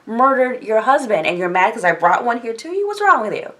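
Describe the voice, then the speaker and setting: A woman's voice: fairly high pitch, sing-song, brisk, fairly bright tone, recorded from a distance, voice pushed up. A woman voicing an indignant, exasperated noblewoman in an outburst.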